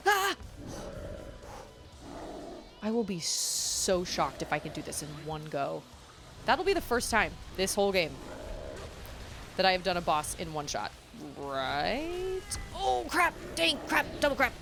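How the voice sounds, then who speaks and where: A woman's voice: on the low side, huge pitch swings, slow, pauses often, background noise. A woman streaming a video game and chatting casually as she plays, often exclaiming and laughing. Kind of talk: casual let's-play commentary. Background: faint game music.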